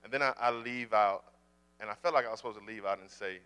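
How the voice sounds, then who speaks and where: A man in full-time ministry telling a personal faith story in a casual, animated way, often repeating words. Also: lowish voice, fast talker, clean tone.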